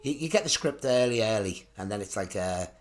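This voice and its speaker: A man's voice: fairly low pitch, animated, fairly quick. A man, co-hosting a casual comedy podcast, rambling and laughing at his own jokes. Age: 30s. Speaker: podcast co-host.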